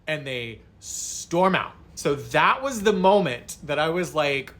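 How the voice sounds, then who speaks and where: A man casually telling a story from his past work, animated and expressive. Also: a little high, unhurried, hardly any pauses.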